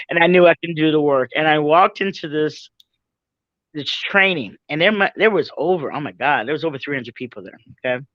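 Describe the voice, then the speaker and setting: A woman's voice: low voice, a bit bright, no room sound. A woman guest telling a personal story with feeling, laughing often and calling her listener "man". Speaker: podcast guest. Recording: dull lo-fi dry sound.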